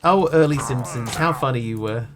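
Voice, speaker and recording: A man's voice: mid-range voice, moderate pace, background noise. A man streaming a game, chatting casually and rambling as he thanks viewers. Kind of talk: casual live-stream chat while gaming.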